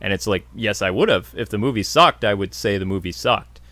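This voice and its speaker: A man's voice: lowish voice, a little fast, sharp tone, dry recording. A man hosting a podcast, casually answering viewer questions in a blunt, jokey, opinionated way. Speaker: podcast host.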